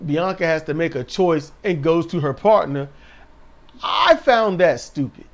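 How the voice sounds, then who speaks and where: A man's voice: fairly high pitch, lively intonation, unhurried. A man giving a casual, sarcastic recap of a wrestling show, mocking the wrestlers with put-on voices. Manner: sarcastic, mocking impressions in a raised voice.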